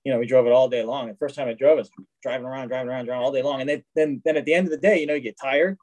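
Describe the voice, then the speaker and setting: A man's voice: medium pitch, fairly even intonation, racing, a little mellow, rough recording. A man as an interview guest, telling casual stories about his race cars with many restarts and acted-out quotes. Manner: rambling anecdotes with frequent restarts and acted-out quotes. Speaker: guest, race car collector. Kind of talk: casual storytelling.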